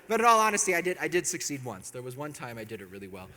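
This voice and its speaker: A man giving a humorous storytelling talk to an audience, acting out quoted lines with lively jumps in his voice. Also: a little fast, pauses often, a little hiss or hum. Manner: animated, acts out quotes with big pitch jumps. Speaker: Catholic speaker. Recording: long hall reverb.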